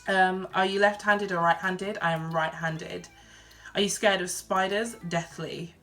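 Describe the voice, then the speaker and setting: A young woman from Birmingham with a softened Brummie accent, chatting casually through a Q&A vlog, reading each question aloud and answering with lots of ums and likes. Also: on the low side, steady tone, unhurried, soft background music. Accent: Birmingham English, softened. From Birmingham, England. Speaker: vlogger.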